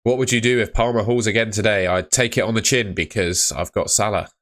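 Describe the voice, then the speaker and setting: A man's voice: lowish voice, fairly even intonation, a little fast, fairly bright tone. A young man casually chatting on a live stream, reading out viewer messages in a laid-back way. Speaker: fantasy football streamer.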